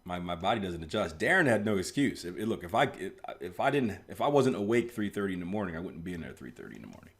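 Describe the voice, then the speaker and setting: Chatty rambling man, lowish voice. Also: big pitch swings, quick pace, vocal fry, hardly any pauses. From US East Coast. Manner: rambling storyteller, many restarts and "like", chuckles often. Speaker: forex trading educator. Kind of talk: casual live-stream chat and chart analysis.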